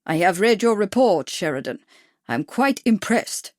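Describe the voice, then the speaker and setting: A woman putting on a gruff, commanding older royal man with a German accent, heavy-set and used to being obeyed, from an audiobook. The sound is close and dry. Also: medium pitch, very animated, moderate pace, dry recording, lightly acted.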